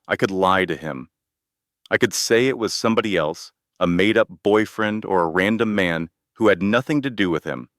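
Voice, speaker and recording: Brief: male narrator, very low voice, dry close sound, measured scripted delivery. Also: fairly bright tone, no echo. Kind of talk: scripted first-person story narration.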